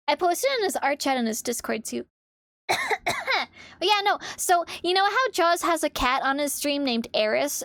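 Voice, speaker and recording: A young woman chatting casually on her art stream, animated and expressive, swearing freely. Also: high voice, no echo, studio quality.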